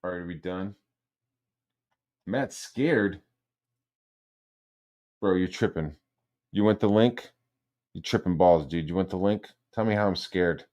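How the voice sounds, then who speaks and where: A man's voice: low voice, unhurried, pauses often, darkish tone, dull audio. Profane, heated male streamer. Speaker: streamer host. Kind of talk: profane ranting livestream.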